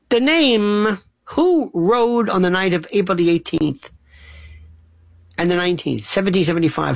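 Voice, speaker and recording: A man's voice: sits high, a bit bright, no room sound. A middle-aged man hosting a late-night call-in radio show, rambling through emphatic rhetorical questions. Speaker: radio talk show host.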